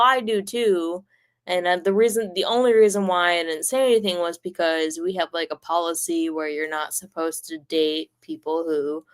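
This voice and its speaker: Rambling woman telling a story on stream. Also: lowish voice. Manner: rambling, filler-heavy, profane, animated. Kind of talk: casual livestream storytelling.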